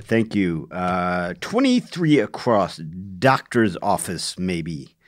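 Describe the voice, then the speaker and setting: A man's voice: low-pitched, big pitch swings, slow pace. A man co-hosting a podcast, chatting casually and playfully, laughing often and going off on joking tangents. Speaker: podcast co-host. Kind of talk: casual comedic banter.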